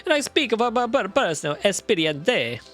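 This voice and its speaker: A man's voice: high voice, big pitch swings, brisk, a bit bright. A man voicing a flamboyant, nervous Italian man with an exaggerated put-on Italian accent, reading game dialogue aloud. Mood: theatrical. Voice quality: exaggerated singsong delivery.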